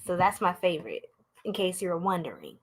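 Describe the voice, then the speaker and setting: A woman's voice: lowish voice, big pitch swings, a little fast, noisy background. A young woman, doing a live tarot reading in a playful, goofy, slangy way and laughing often. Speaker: tarot reader.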